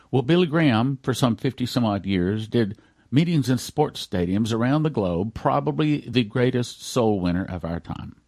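A male pastor delivers a radio sermon with earnest conviction. His mid-range voice rises into loud emphasis, then sinks to hushed, near-whispered lines. The recording is dry and close, with no room sound. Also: mid-range voice, animated, normal speed, dry recording.

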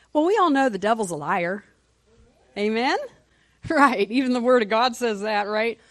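A woman's voice: a little high, expressive, slow, long pauses, dry recording. A woman teaching a Sunday school class in a conversational way, asking the class questions and often adding "right?". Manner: clears throat often.

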